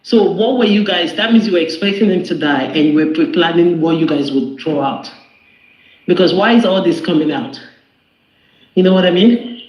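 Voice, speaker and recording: A man's voice: high-pitched, normal speed. A man talking in a casual group discussion as a panelist, emphatic and repeating himself to press his point. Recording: echoey muffled online call.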